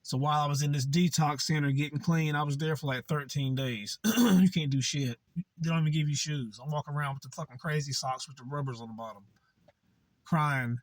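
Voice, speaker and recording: A man's voice: on the high side, brisk, no echo. Young guy swearing a lot as he tells his story, straight talk, dry close sound. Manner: blunt, profane and conversational. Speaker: vlogger. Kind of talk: candid personal storytelling.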